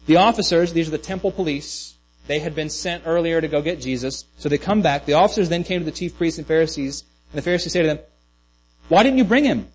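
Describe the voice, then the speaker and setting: A man's voice: fairly high pitch, quick pace, rough recording. A man preaching a sermon in a loose, conversational way, with many restarts and asides. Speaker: pastor.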